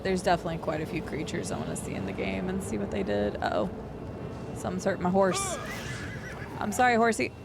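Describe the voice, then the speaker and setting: A woman's voice: fairly low pitch, big pitch swings, quick pace, vocal fry, heavy background noise. A woman streamer giving casual, playful commentary while she plays a video game, chatting to viewers and humming sing-song filler noises. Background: game music.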